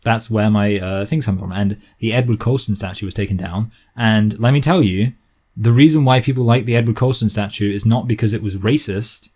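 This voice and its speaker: A man's voice: lowish voice, brisk, darkish tone, breathy edge. Rambling young man with a posh English accent. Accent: posh southern English. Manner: rambling, self-correcting, argumentative. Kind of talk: opinion commentary monologue.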